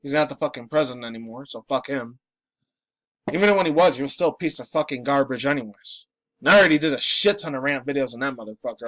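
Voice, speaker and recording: Groggy guy in his late 20s ranting fast and swearing a lot, dry close sound. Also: mid-range voice, a bit bright, dry recording. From New York City. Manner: profane, ranting, rambling. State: groggy, just woken up. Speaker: pop culture vlogger. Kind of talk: casual ranting commentary.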